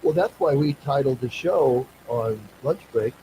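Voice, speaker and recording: A man hosting a talk show, speaking in a halting way with many fillers and restarts. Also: medium pitch, animated, dark tone, a little hiss or hum, poor audio. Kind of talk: casual talk-show conversation.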